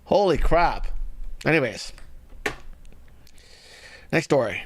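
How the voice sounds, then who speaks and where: Host, male, mocking and sarcastic, lively up-and-down delivery on a casual news stream. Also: fairly high pitch, slow pace, slight background noise. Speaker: livestream news commentary host. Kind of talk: casual political commentary.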